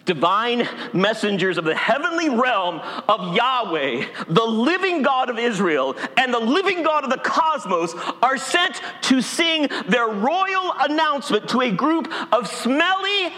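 A man's voice: very high-pitched, very animated, a little slow, hardly any pauses, pushed and bright. A male pastor from Appalachia preaching a sermon in a church, folksy and humorous. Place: church sanctuary. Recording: long hall reverb.

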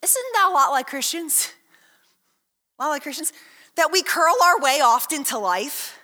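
A woman preaching a sermon to a congregation, chatty and animated, acting out little scenes and asking the room questions. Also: high voice, normal speed. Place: church hall. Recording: echoey hall.

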